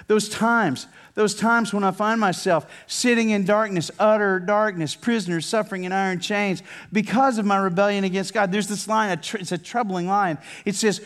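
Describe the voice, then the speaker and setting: A man preaching a sermon as pastor, reading scripture aloud and swinging between emphatic preaching and hushed, near-whispered prayer. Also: high voice, steady tone. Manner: reads scripture aloud with dramatic pauses.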